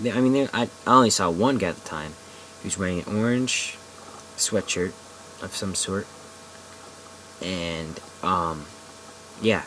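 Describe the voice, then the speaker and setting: A young man with a low voice tells a scary story to the camera. He rambles, backtracks and swears as he goes. A faint hiss sits under the recording. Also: a bit bright, low-quality recording. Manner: rambling, full of "like" and restarts, swears often. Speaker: vlogger.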